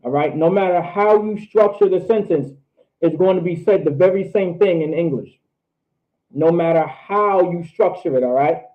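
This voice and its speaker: Man, language teacher, repetitive drilling, slightly higher voice, tinny phone-like sound. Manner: repetitive, drills phrases slowly syllable by syllable. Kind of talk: online class lecture.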